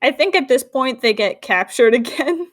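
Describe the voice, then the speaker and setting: A woman co-hosting a casual cartoon recap, playful and prone to excited outbursts. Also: high voice, moderate pace, no room sound, studio quality. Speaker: podcast co-host.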